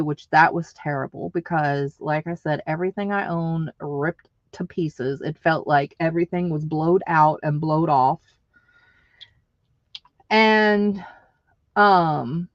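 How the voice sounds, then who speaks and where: A woman's voice: on the low side, dry recording, lo-fi sound. A woman, casually telling a story in a rambling, emotional way, full of fillers, and tearful at times. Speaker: vlogger.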